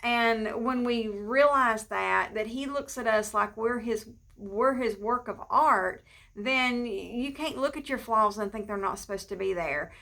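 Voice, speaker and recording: A middle-aged pastor's wife giving an informal devotional, talking conversationally and repeating phrases for emphasis. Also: female voice, fairly high pitch, a little slow, vocal fry, pushed and bright.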